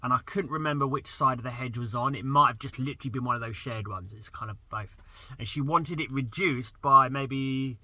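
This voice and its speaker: A man's voice: medium pitch, brisk, pushed and bright. A gardener vlogger, a man, casually telling a rambling story with many ums and uhs.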